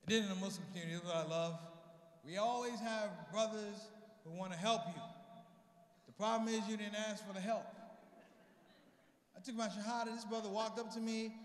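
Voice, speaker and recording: High-voiced comedian in an echoey hall. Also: male voice, a little fast, long pauses. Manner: animated storytelling, acting out family. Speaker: stand-up comedian. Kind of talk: stand-up comedy set. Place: convention hall stage.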